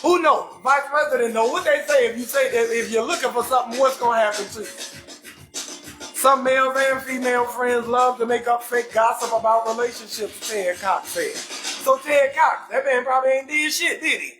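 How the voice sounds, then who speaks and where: A man from New Orleans with a New Orleans accent hosting a live comedy talk show, loud and animated, often shouting and cursing as he reads viewer comments. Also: very high-pitched, normal speed, reverberant, faint music behind.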